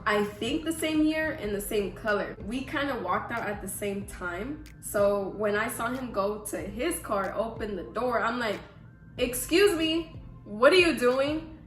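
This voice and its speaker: A young woman hosts a casual vlog Q&A, telling stories in a chatty, rambling way. Her voice sits at a middle pitch. It rings off the walls of an echoey room, with faint music in the background. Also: moderate pace, hardly any pauses, fairly bright tone. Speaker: YouTuber. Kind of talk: casual vlog Q&A and story time.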